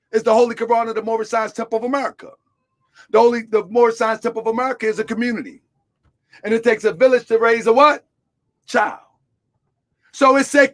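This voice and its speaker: A man with a strikingly high voice delivers a sermon as a religious teacher. He punches key words with shouted emphasis, then drops to low, quiet asides. He keeps asking his listeners to call back answers. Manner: call-and-response questions to listeners.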